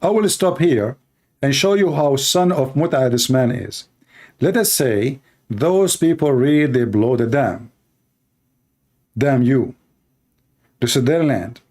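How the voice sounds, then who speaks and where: Man, Arabic native, scornful video commentary, broken English, mellow dark voice. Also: medium pitch, expressive, unhurried. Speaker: commentator reacting to a clip.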